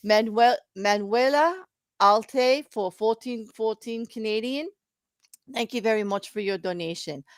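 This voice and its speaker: A woman's voice: on the high side, a little slow, no echo, clean studio sound. A woman with a South African accent, co-hosting a live stream and reading out donor messages with easy laughter. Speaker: co-host reading donations. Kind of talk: casual live-stream chat.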